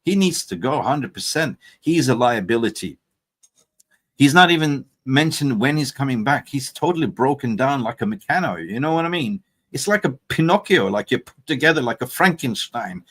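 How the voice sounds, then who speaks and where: A man's voice: mid-range voice, lively intonation, normal speed, fairly bright tone. Joking man hosting a live fan stream. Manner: joking, loose, swearing, reads comments aloud. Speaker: fan channel livestream host. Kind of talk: casual live chat.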